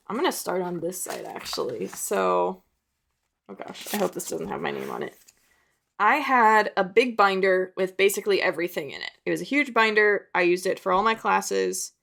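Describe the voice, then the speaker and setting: A woman's voice: mid-range voice, expressive, moderate pace, vocal fry, fairly bright tone. A young adult woman, an artist and video creator, talking in a chatty, rambling way with self-mocking asides. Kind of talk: casual chat.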